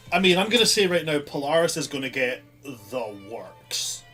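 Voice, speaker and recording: A man's voice: a little high, big pitch swings, a little slow, sharp tone, faint music behind. A man narrating a tabletop game as game master, rambling through lots of fillers.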